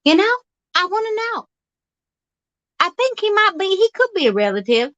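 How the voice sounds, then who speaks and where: A woman's voice: very high-pitched, big pitch swings, moderate pace, a bit bright, muffled recording. A woman hosting an outdoor vlog, rambling in a folksy, teasing comic monologue. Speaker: vlog host.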